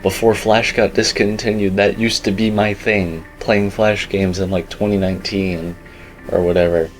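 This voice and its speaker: A man's voice: on the low side, little pitch movement, moderate pace, soft background music, low-quality recording. A young man giving casual, rambling commentary on a game teaser, opinionated and full of filler words. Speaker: gaming YouTuber.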